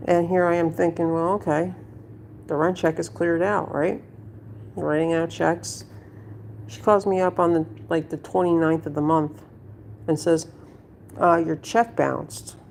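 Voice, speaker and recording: A woman's voice: on the low side, steady tone, measured pace, vocal fry, pauses often, darkish tone, slight background noise. A woman at home telling a story to her viewers in a blunt, rambling way, swearing freely. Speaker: vlogger. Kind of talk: casual storytelling to camera.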